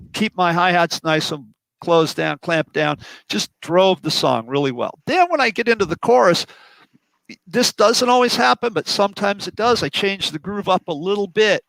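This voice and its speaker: A drum teacher talking through a song chart in a relaxed roundtable, counting beats aloud as he demonstrates grooves. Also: on the high side, normal speed, gravelly, no room sound, faint music behind, low-quality recording.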